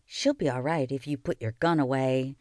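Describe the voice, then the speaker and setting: A woman voicing a quiet, wary young farm boy in a read-aloud children's novel. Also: extremely low pitch, moderate pace, dry recording, clean studio sound.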